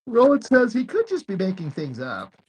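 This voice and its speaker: A man's voice: high voice, huge pitch swings, normal speed, a little mellow, husky, poor audio. A young man chatting casually over a video call, laid-back and rambling, laughing often. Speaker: co-host.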